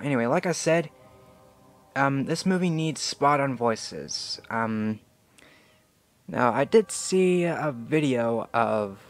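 Rambling teenage boy vlogger. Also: mid-range voice. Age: teen. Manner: rambling, many fillers and self-corrections; unsure and self-critical. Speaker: channel owner. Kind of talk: casual vlog update.

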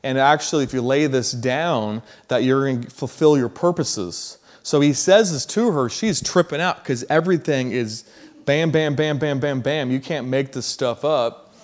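A man preaching a sermon, telling a story in a casual, slangy way that builds to loud emphasis. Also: medium pitch, moderate pace.

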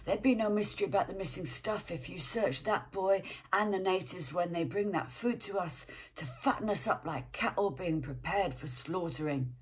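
A woman voicing a sneering, gruff man with a London accent, scoffing as she reads aloud from a storybook. Her voice is very husky. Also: on the low side, normal speed, few pauses. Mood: scornful. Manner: scoffing, snapping.

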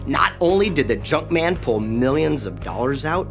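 A man narrating a story in a dramatic, animated way, acting out the characters' lines. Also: a little high, normal speed, gravelly, music in the background. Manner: animated, acts out characters' quotes.

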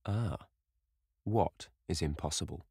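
Man reads a despairing young man, low bitter delivery, very deep. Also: fairly even intonation, normal speed, darkish tone, no echo, clean studio sound, close to an everyday voice.

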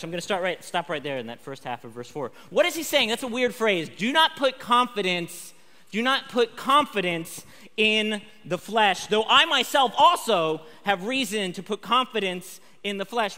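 A high-voiced man preaches a school chapel sermon in a casual, energetic way, leaning hard on the words he wants to stress. His voice is bright and forceful. Long reverb from a large chapel hall trails each phrase. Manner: energetic and conversational, lively emphasis. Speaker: chapel speaker.

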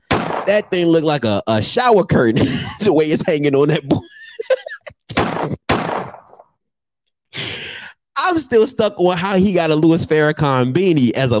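A man's voice: fairly high pitch, darkish tone, dry recording. A man vlogging casual comedic roasts of his commenters, teasing and laughing often.

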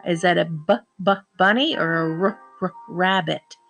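A woman teacher reading a picture book aloud to young children, slowly sounding out words and praising them. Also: lowish voice, fairly even intonation, fairly bright tone, faint music behind. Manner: slow, encouraging, sounds out words.

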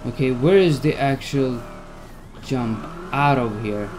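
A man's voice: medium pitch, takes it slowly, noisy background. A young man giving gameplay commentary as a YouTuber, stressed and swearing as he talks to himself. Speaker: gaming YouTuber. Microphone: desk mic at a PC.

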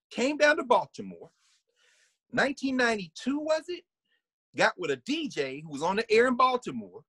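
Husky guy teaching, voice bounces all over, lots of restarts, hums bits of songs. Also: high voice, no echo. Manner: lively, restarts often, hums and sings snippets. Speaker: guest lecturer. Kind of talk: animated conversational lecture.

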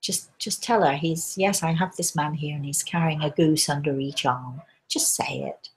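A woman voicing a calm, insistent male spirit guide in a low whisper. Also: normal speed, husky. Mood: urging.

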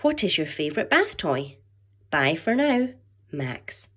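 A woman reading aloud as an excited, cheeky six-year-old boy who writes letters to a dinosaur. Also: low-pitched, unhurried, slightly rough, exaggerated voice. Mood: eager. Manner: bright and eager, reading a child's letter aloud.

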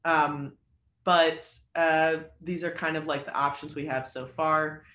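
A man's voice: fairly high pitch, level tone, a little slow, bright, forceful tone, roomy sound. A man teaching an online creative writing class, chatty and joking, with lots of fillers. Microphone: video call.

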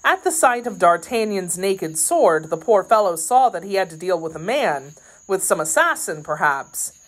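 A woman narrates a classic adventure novel with steady, even delivery. Her voice sits fairly low for a woman and keeps an unhurried reading tone. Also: poor audio. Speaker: audiobook narrator. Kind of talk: scripted narration.

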